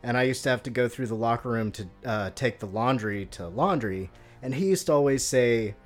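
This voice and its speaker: A man from the American Midwest, a guest on a podcast, chatting casually, laughing often and getting loud when excited. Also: mid-range voice, brisk, faint music behind. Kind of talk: casual chat.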